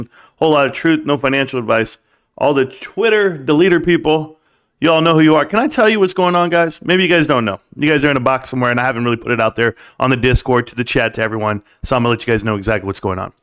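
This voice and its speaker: A man's voice: medium pitch, fairly bright tone. A man hosting a live stream, talking casually and emphatically straight to his viewers with rambling asides. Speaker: stock market live streamer.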